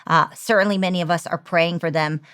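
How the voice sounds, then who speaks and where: A woman's voice: lowish voice, steady tone, fairly quick, fairly bright tone, clean tone. A woman hosting an interview, putting direct, leading questions to her guest. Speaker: interview host.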